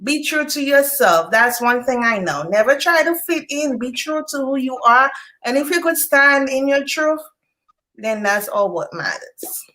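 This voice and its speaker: High-voiced, emotional woman author. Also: lively intonation, measured pace. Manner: warm, emotional, grateful. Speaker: guest author. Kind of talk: live online interview.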